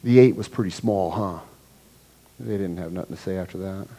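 A man's voice: deep voice, normal speed, warm tone, a little hiss or hum. A male pastor preaching a sermon, explaining scripture verse by verse and acting out the quoted dialogue. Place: church sanctuary. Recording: long hall reverb.

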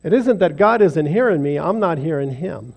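A man's voice: fairly high pitch, lively intonation, moderate pace, creaky, muffled recording. A man leading an informal devotional talk for a small group in a rambling, self-deprecating, conversational way. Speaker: lay speaker leading a devotional.

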